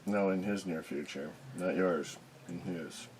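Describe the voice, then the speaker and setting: A man's voice: deep voice, unhurried, darkish tone, a little hiss or hum, poor audio. A man co-hosting a casual podcast, chiming in with blunt, jokey remarks. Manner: blunt, jokey interjections with swearing. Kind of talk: casual chat.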